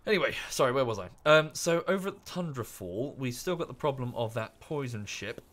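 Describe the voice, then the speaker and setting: Man, British accent, young adult, game streamer, casual rambling rant, very lively pitch. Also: a little fast. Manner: rambling, self-correcting, animated rant. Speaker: streamer and YouTuber. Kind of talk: casual live-stream chat while gaming.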